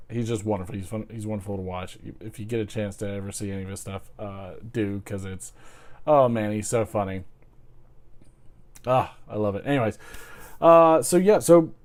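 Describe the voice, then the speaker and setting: A man's voice: on the low side, a little mellow. A man hosting a casual pipe-smoking chat, rambling, laughing often and trying out comic voices. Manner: chatty, self-deprecating, laughs often, tries comic voices. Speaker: pipe-smoking video host.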